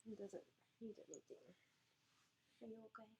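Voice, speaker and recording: Her voice is a little high with a darkish tone and normal speed as this young vlogger and mother answers viewers' questions on a casual live stream. She chats with many ums and small laughs, speaking to her baby too. A little hiss or hum can be heard.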